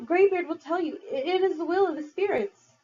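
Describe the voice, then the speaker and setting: A woman's voice: extremely high pitch, normal speed, dark tone, pitched above the performer's own voice. A woman voicing a frightened young boy who pleads earnestly. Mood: pleading. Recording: dull lo-fi recording.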